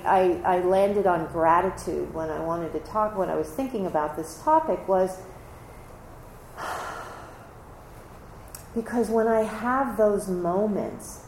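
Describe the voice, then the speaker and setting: A woman's voice: mid-range voice, darkish tone. Reflective woman giving a dharma talk. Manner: reflective and conversational, with pauses and restarts. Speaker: meditation teacher. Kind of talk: Buddhist dharma talk to a live group. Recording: echoey room with faint ambient noise.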